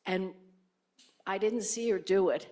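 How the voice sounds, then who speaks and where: Older woman, ex-senator on stage, chatty storyteller who acts out quotes with big pitch jumps. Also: measured pace, dark tone. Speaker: former senator speaking at a lecture.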